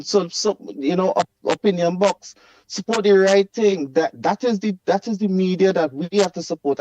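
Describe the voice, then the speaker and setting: A man's voice: sits high, dark tone, dry recording, highs cut off. A man calling in to a talk show from London, speaking earnestly and rambling, with many repeated phrases. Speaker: caller. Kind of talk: call-in talk.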